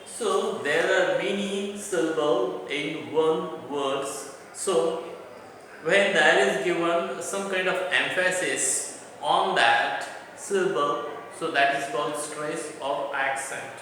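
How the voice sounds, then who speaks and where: A man from India teaching a college English lesson, explaining terms slowly and often restarting or repeating words. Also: a little high, sharp tone. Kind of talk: classroom lecture. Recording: echoey room, from a distance, faint ambience.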